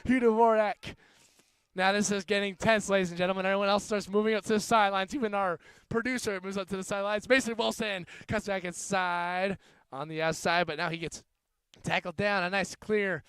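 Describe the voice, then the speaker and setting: A young man calling an amateur rugby game play-by-play, joking between plays and getting louder on big runs. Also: high-pitched, fairly quick, clear, resonant tone. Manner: jokey, rising to excited shouts on big plays. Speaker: student play-by-play commentator. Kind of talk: amateur sports commentary.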